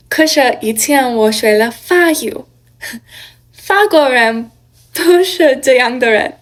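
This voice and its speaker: A woman whose first language is English speaks slowly and carefully as a learner in a casual vlog. Her voice sits high, and she takes her time over each phrase.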